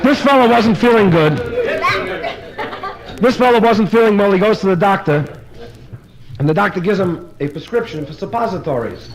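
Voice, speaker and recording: A man doing live stand-up comedy at a private party, telling brisk, punchline-driven stories. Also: high voice, some chatter behind, poor audio.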